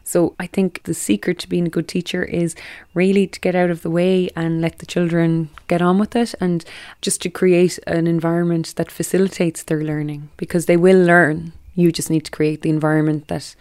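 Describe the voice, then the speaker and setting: Irish woman teacher, measured and earnest, low flat voice. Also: no room sound, clean studio sound. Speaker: primary school teacher. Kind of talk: reflective interview answers.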